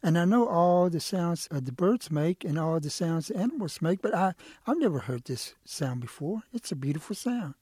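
A man voicing an eager, curious male quail in a told folk tale, pleading and excited in a raised voice. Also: fairly high pitch, normal speed, hardly any pauses, breathy edge, no room sound, studio quality. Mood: amazed.

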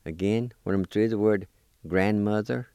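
A man teaching vocabulary, patiently spelling each word letter by letter and repeating it slowly. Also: fairly low pitch, dark tone, clean tone, no room sound, studio quality. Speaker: language teacher. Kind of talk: slow spelling and pronunciation lesson.

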